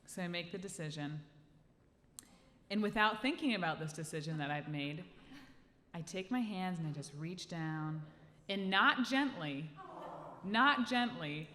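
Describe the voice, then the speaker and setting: A woman with a slightly low voice tells a personal story live on stage, lively and animated as she acts out each moment. Her handheld mic carries a long hall reverb with faint room noise behind her. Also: normal speed, pauses often. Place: live venue stage with audience.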